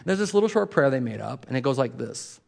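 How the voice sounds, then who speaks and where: A man preaching a sermon in a loose, conversational way, like he is chatting with his congregation. His voice sits in a middle pitch, and he scatters fillers and quick asides through the talk. When he recites prayers, he sinks to a soft, hushed voice. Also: very animated, gravelly. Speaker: pastor.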